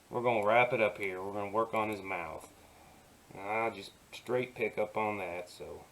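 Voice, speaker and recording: Low-voiced man in a soft folksy drawl. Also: slight background noise. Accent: put-on folksy drawl while working. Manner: soft-spoken, slow and easygoing, talks himself through steps, folksy. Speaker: digital painting instructor. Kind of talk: relaxed screen-recorded painting tutorial.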